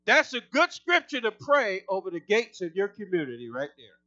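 A man preaching a sermon, fervent and emphatic, his voice climbing higher as he gets excited. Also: moderate pace, dry recording, dull audio.

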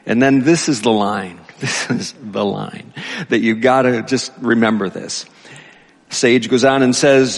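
A man's voice: mid-range voice, unhurried, vocal fry. A male pastor preaching a sermon in a loose, conversational way, with many fillers and restarts, recorded in a church hall with long reverb.

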